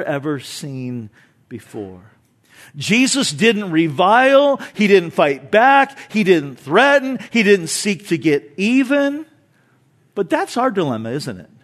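Man, pastor, sermon, high-pitched voice, conversational, animated, loud-to-soft swings, rhetorical questions. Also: a little slow. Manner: animated, swings between loud emphasis and soft low asides.

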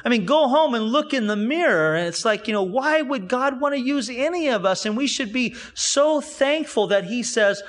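A man with a notably high voice preaches a sermon to his church. He tells Bible stories in a casual, conversational way and often stops to restart his sentences. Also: very animated, normal speed, few pauses, fairly bright tone. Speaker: pastor.

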